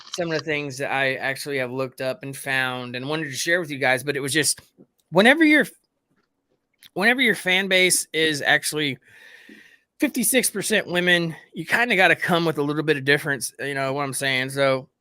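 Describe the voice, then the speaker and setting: A man with a bright, forward voice, pitched a little high, hosts a loose hangout stream. He rambles along and keeps turning to his viewers as "guys". The sound is dry and close, with no room around it. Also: normal speed, long pauses, dry recording. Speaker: livestream host. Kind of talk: casual group chat.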